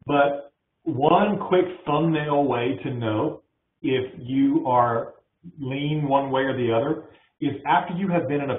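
A man presenting a webinar, answering audience questions in an energetic, hand-waving way from his office. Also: mid-range voice. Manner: energetic, talks with his hands. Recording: echoey, tinny phone-like line.

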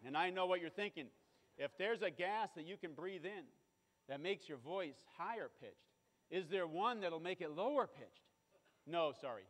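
A man with a high, light voice explains things to a live audience in a relaxed, playful way. His voice rings out in an echoey hall with a long reverb tail. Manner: casual explanatory, playful asides. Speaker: physics show presenter. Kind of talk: live science demonstration talk.

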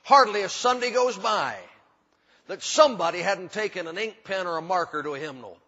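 A male pastor preaches in a church sanctuary, his high voice fairly quick, pushed, and bright. He's folksy and emphatic, leaning on repetition and humor, and the hall recording sounds dull with a long reverb.

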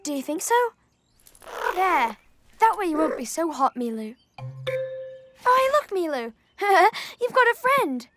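A cheerful young boy rabbit speaks in a very high, bouncy voice with wide swings of pitch. He talks eagerly and insistently in an unhurried cartoon delivery over loud music. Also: exaggerated voice. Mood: lively. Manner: excitable, insistent. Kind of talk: dubbed cartoon acting. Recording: loud music under dialogue.

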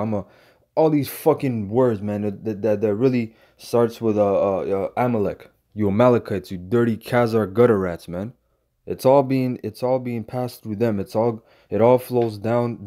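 Angry stammering preacher man, dark voice. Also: on the low side. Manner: profane, heated, stammering restarts, ends phrases with "man". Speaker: online preacher. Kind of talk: angry ranting livestream monologue.

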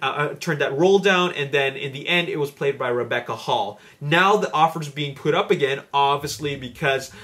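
A man hosts his own movie news vlog, rambling casually through the latest casting rumors. His voice sits a little high for a man. He trips over words often, piling up fillers and restarts as he goes. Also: normal speed, few pauses, pushed and bright. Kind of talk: casual video commentary.

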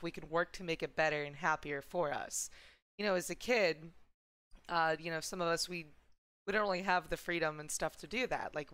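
A woman's voice: fairly low pitch, a bit bright, clear, resonant tone, dry recording. A woman streaming a video game, chatting casually and affectionately with her viewers in playful slang. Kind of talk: casual gameplay chat.

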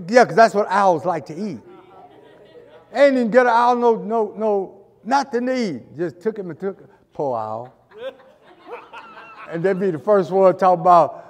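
A man's voice: high-pitched, animated, moderate pace, long reverb tail. A male pastor preaching a fervent sermon, repeating phrases and hurling rhetorical questions at the congregation. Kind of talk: fiery sermon. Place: church sanctuary.

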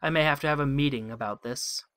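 A man hosting a game playthrough, reading text aloud and thinking out loud in a wry, musing way. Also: on the high side, fast talker, clear, resonant tone, dry recording. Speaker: let's play host.

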